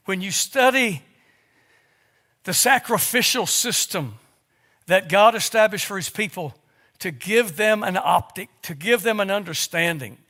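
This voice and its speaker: A male pastor preaches in a church, his voice sitting high for a man and ringing with a bright, forceful edge. He stumbles over repeated starts and drives his points home with one rhetorical question after another. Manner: fervent preaching with rhetorical questions and stammered restarts. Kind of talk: sermon. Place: church sanctuary.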